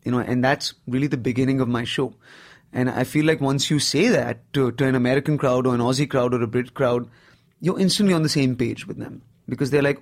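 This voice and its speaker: A man with an Indian accent, a stand-up comedian in his thirties, chatting in an interview and telling animated stories, often saying "you know". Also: medium pitch, fairly quick. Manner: lively storyteller, peppers speech with "you know". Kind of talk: casual interview conversation.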